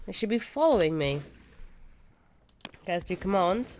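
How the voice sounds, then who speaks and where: A young woman playing a game and commenting, excitable and swearing as she shouts orders at her troops. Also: on the low side, measured pace, a little hiss or hum. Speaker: gaming streamer. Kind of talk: let's play commentary.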